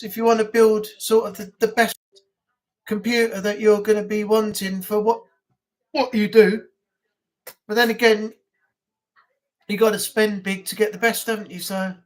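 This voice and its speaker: A northern English man hosting a relaxed weekly live chat on his stream. He rambles along casually, filling pauses with ums and uhs as he answers his chat. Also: high voice. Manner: rambling, relaxed, with many fillers. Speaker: livestream chat host.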